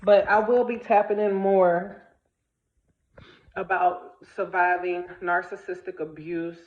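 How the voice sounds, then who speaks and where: A woman's voice: on the low side, steady tone, takes it slowly, phone-quality sound. A woman giving a casual spiritual vlog monologue, speaking bluntly and emphatically, repeating phrases for stress and swearing freely. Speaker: spiritual vlogger.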